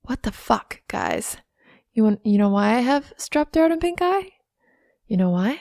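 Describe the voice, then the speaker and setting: A young woman co-hosting a comedy podcast, animated and swearing freely. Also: fairly high pitch, measured pace, vocal fry, no room sound. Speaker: podcast co-host. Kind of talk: casual comedy podcast chat.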